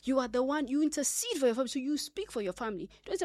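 A woman's voice: high voice, lively intonation, very fast, a little mellow, no echo, studio quality. A woman hosting a radio talk segment, delivering an earnest, emphatic monologue full of fillers and restarts. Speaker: radio host.

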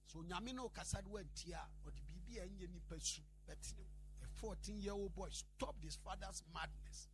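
A man's voice: sits high, normal speed, a little hiss or hum. A male pastor, preaching a sermon and telling a story, switching between Twi and English and building to emphatic peaks.

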